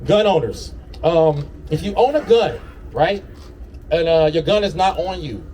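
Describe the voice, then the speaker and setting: Brash stand-up comic, lively voice. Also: male voice, fairly high pitch, a little slow, a little hiss or hum. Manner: brash, swearing, laughs through his own lines. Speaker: stand-up comedian. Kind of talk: stand-up comedy set. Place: outdoor patio comedy show. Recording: distant mic with loud audience.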